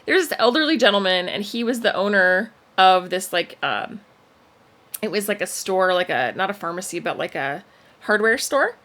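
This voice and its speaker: A woman co-hosting a parenting podcast, telling a story in an animated, casual way. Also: normal speed. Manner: animated storyteller with frequent pitch swings. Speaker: podcast co-host. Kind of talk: casual chat.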